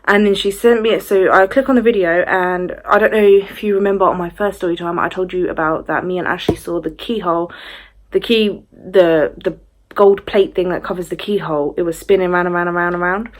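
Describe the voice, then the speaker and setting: A woman's voice: fairly low pitch, fairly even intonation, brisk. A young woman, telling a personal story to camera in a chatty way with lots of fillers. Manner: chatty retelling with many fillers. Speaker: vlogger. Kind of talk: casual storytime.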